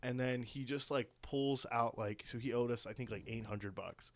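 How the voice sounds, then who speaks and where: A man's voice: mid-range voice, normal speed, no echo. A young man telling a story as a podcast guest, rambling, swearing and saying "like" constantly. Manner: rambling, heavy use of "like", swears. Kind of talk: casual storytelling.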